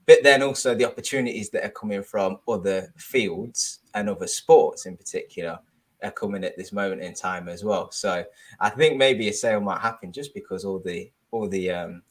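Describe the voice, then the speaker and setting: Low-voiced man talking it through. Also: fairly quick, slightly rough. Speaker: panel guest. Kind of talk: casual discussion.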